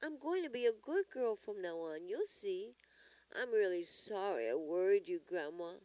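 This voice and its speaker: A storyteller voicing a little granddaughter in a high, squealing child's voice. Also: very animated, normal speed, warm tone, no echo, natural voice. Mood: pleading. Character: little girl, anxious then overjoyed granddaughter.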